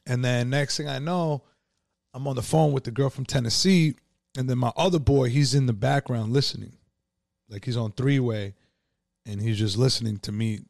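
Gravelly street-talking man. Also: mid-range voice, normal speed, a little mellow, no room sound, studio quality. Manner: streetwise, profane, lots of "like". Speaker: guest telling his story. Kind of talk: casual storytelling.

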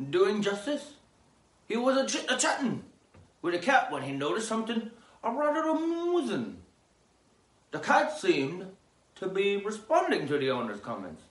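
A man hosts a rambling comedic news riff with wildly lively pitch, swinging from loud outbursts to low, mumbled asides. His voice sits a little high and sounds bright and sharp. It rings in a roomy, echoey space.

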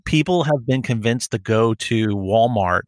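A man chats casually on a podcast and tells animated stories, acting out both sides of phone calls and swearing as he goes. His voice sits at a middle pitch. The sound is close and dry, with no room behind it. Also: measured pace, no echo. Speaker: podcast co-host. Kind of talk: casual chat.

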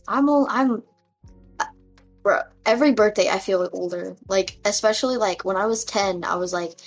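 A woman in her twenties in casual chat with friends, excitable, swearing and laughing often. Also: mid-range voice, normal speed, faint music behind, poor audio. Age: 20s.

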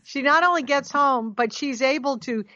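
A woman's voice: high-pitched, normal speed, sharp tone, no room sound, muffled recording. A woman co-hosting a podcast, recapping a TV episode in casual, wry chat. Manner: chatty, wry, frequent fillers. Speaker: podcast co-host.

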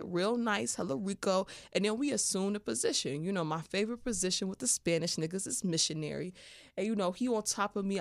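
A woman's voice: mid-range voice, no echo, studio quality. A woman hosting a podcast and telling a candid, playful story in casual chat full of slang. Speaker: podcast host.

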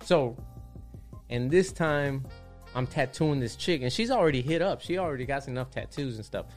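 A relaxed man who tattoos for a living, telling a story at an easy pace. His voice sits at a middle pitch and he swears freely. A faint bit of music plays under his voice. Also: normal speed. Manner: laid-back, profane, keeps saying "you know what I'm saying". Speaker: tattoo artist guest. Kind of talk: casual storytelling.

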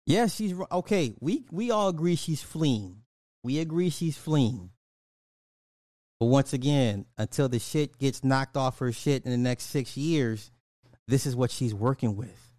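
A man's voice: mid-range voice, expressive, unhurried, a little mellow, dry recording. Guy going off on a rant, cussing, says stuff twice, dry close sound. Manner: blunt, profane, repeats lines for emphasis. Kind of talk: casual commentary rant.

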